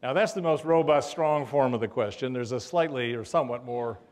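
A man's voice: medium pitch, a little fast, darkish tone. An older man, a history professor, giving a public lecture in a room with an audience, telling anecdotes with a wry, dry humor and frequent fillers.

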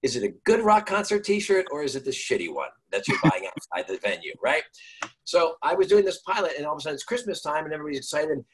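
Animated middle-aged man telling stories. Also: a little high, fast, husky, low-quality recording. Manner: animated, acts out quoted voices. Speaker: guest actor. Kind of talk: storytelling in a video-call interview. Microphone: video call.

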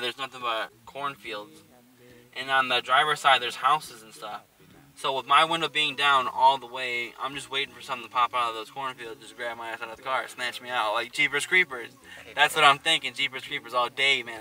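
A young man casually telling a spooky story, animated and profane, laughing often. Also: mid-range voice. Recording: distant mic.

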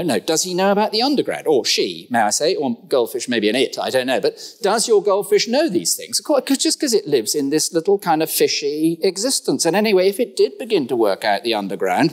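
A man preaching a sermon in a church, animated and humorous, firing rhetorical questions at his listeners. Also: fairly high pitch.

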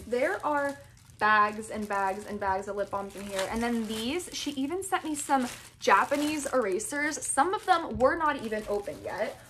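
Young woman, bright high voice, excited vlog chatter, gushing and breathless; faint noise in the background. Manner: gushing, breathless, keeps repeating "oh my gosh". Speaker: vlogger opening fan mail.

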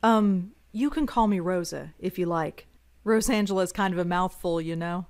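A woman's voice: fairly low pitch, normal speed, a little mellow, dry recording, lightly acted. A woman voicing a wry, awkward young woman in a video game, dry and sarcastic.

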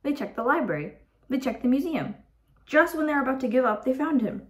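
A teen girl with a high-pitched, expressive voice reads a picture book to young kids at a fairly quick clip, giving characters their own voices and chatting between lines. The audio is poor.

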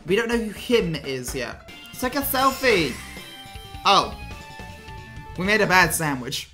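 A young man giving casual, playful commentary over a game he is playing, often gushing with excitement. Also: high voice, normal speed, soft background music. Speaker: let's play host.

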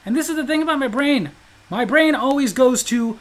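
A man's voice: extremely high pitch, a little fast, rough recording. Joking man telling comic stories. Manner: joking, animated, laughs often. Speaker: host. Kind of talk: comedic storytelling.

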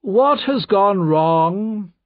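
Disdainful aristocrat marquis, as a male narrator puts him on, raised pitch, slow icy drawl, dry dull audio. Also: lively intonation, dry recording, exaggerated voice. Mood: cold contempt. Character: cold, haughty aristocrat marquis, man.

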